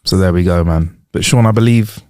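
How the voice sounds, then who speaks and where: A man's voice: deep voice, a little fast, a little mellow, no echo, clean studio sound. A man co-hosting a podcast, chatting casually with laid-back, slangy banter. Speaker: podcast co-host. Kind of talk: casual chat.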